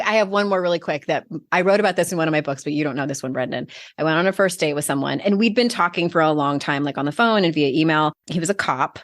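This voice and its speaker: A woman's voice: sits low, fairly bright tone, dry recording. A woman hosting a podcast, chatting candidly, laughing often and swearing freely. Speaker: podcast host. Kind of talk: casual conversational interview.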